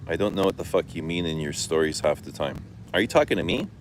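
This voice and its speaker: Casting: middle-aged canadian guy, very low voice, loose casual live chat, cusses a lot, faint background noise. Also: quick pace, poor audio. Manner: swears freely, laughs, animated storytelling. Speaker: fragrance vlogger. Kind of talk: casual livestream chat answering comments.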